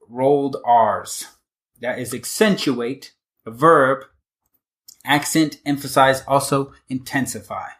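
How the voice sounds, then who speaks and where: A man's voice: medium pitch, fairly bright tone. A man co-hosting a vocabulary podcast, reading example sentences and a poem aloud and reacting with interest to word histories. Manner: reads example sentences and verse in a measured way, reacts with surprise. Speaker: podcast co-host.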